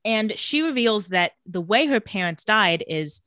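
A woman's voice: mid-range voice, unhurried, no echo, clean studio sound. A woman co-hosting a podcast, casually retelling a TV episode and acting out the characters' lines as she goes. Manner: lively storyteller who acts out characters' lines. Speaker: podcast co-host. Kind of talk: casual TV episode recap chat.

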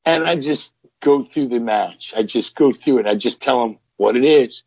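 A man's voice: medium pitch, moderate pace, a little mellow, slightly rough, no room sound. A middle-aged man, a veteran pro wrestler, telling road stories as a podcast guest in a rambling way, full of restarts and repeated words. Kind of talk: storytelling podcast interview. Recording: dull lo-fi podcast audio.

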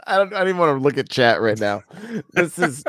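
Man, fairly high voice, dry mic, restarts often, laughs at himself, casual games chat. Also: big pitch swings, quick pace, a bit bright, dry recording. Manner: hesitant, many restarts and self-deprecating laughs. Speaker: podcast co-host.

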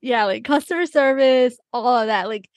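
A woman's voice: fairly high pitch, normal speed, no echo. A young woman co-hosting a podcast, telling stories in casual chat and laughing often. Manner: laughs often, animated storytelling. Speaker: podcast co-host.

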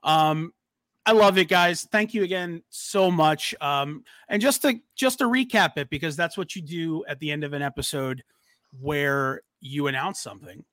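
Hyped-up guy hosting a podcast, bright forward voice, dry close mic, kinda high. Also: normal speed, no room sound. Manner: excited, hyped promo talk. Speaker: podcast host. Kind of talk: casual chat.

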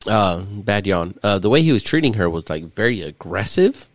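A man's voice: on the low side, very animated, moderate pace, dry recording, clean studio sound. A man hosting a podcast, recapping a movie in casual, profane chat and laughing often. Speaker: podcast host. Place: studio.

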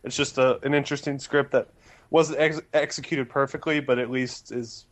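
A man's voice: medium pitch, fairly even intonation, moderate pace. A man joining a casual movie chat as a podcast guest, thoughtful with hesitant phrasing.

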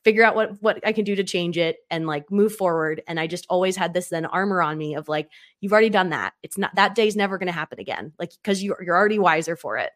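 A woman's voice: lowish voice, fast talker. A woman co-hosting a podcast, telling a personal work story in a candid, reflective casual chat. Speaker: podcast co-host.

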